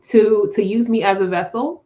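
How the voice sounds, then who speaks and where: A woman's voice: medium pitch, normal speed, warm tone, highs cut off. A woman hosting a live tarot reading, talking in an effusive, emotional, spiritual way with frequent laughs and sighs.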